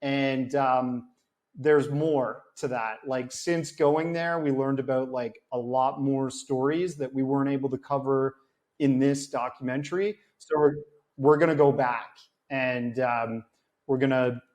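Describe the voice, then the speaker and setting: A documentary filmmaker chatting casually in an interview, acting out dialogue with lots of fillers. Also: male voice, mid-range voice, measured pace. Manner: animated storyteller, acts out dialogue, many fillers.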